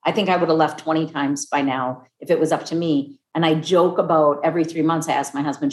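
A woman in her fifties talking casually and warmly about marriage, acting out other people's voices as she tells stories. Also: sits low, fairly even intonation, fast talker, few pauses. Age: 50s. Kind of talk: casual heartfelt conversation. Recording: echoey room.

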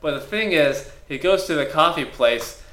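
A man co-hosting a comedy podcast, rambling and deadpan as he riffs on an imagined movie. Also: fairly high pitch, moderate pace. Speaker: podcast co-host. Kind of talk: casual comedic chat.

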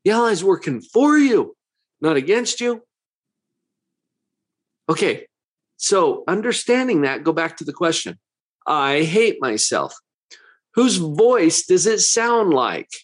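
A man's voice: sits high, very animated, measured pace, long pauses. A man who works as a psychologist giving a motivational talk, full of rhetorical questions, with a conversational and emphatic manner.

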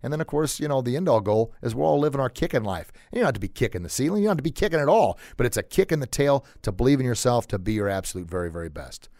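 A man's voice: mid-range voice, lively intonation, racing, few pauses, darkish tone, no room sound, clean studio sound. Earnest middle-aged man hosting a podcast. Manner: earnest, emphatic, repeats phrases for stress. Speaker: podcast host. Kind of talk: motivational podcast talk.

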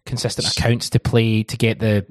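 A Scottish man hosting a casual football podcast, laughing and swearing through quick banter. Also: lowish voice, flat delivery, no room sound. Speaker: podcast host.

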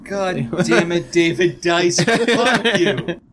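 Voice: slow pace, fairly bright tone, slight background noise. A player in a tabletop role-play who swears and jokes a lot. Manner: swearing, joking, deep low radio voice in character.

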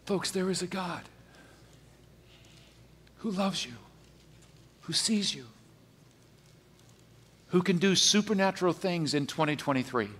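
A man pastor preaching a sermon, animated, swinging between emphatic high peaks and quiet, low asides. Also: a little slow, pauses often, breathy edge. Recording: long hall reverb.

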